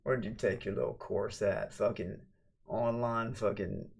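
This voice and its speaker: Late at night, a man livestreams a casual chat, rambling and swearing in an unhurried, creaky, husky voice. He swings between low mumbles and loud, excited shouts.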